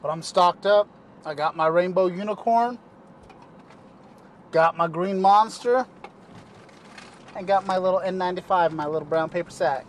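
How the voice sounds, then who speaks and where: A man's voice: sits high, moderate pace, pauses often, a little hiss or hum. A man, a paramedic, talking loosely to camera from his car, trailing off often with fillers. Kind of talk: casual vlog monologue. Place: inside a car while driving.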